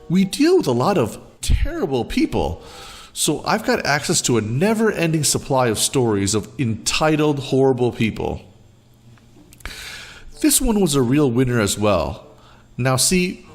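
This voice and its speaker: Guy reading reddit stories, really animated voice, some faint music behind. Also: mid-range voice. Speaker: storyteller.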